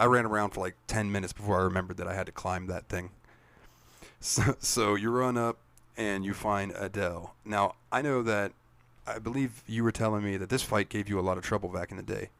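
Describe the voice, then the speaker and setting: A man with a fairly low voice co-hosts a casual gaming podcast, retelling scenes with plenty of swearing and laughter. His voice sits close to the mic in a dry, deadened space. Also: fairly even intonation, a little fast, a bit bright, no echo. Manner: profane, laughing recap storyteller. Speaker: podcast co-host.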